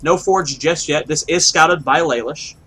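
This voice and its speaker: A man commentates a strategy game match alone, explaining builds and musing aloud with questions to himself. His voice sits a little high and sounds bright and forward. A faint background hum runs under the recording. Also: unhurried, rough recording. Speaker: esports caster. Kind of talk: solo play-by-play commentary.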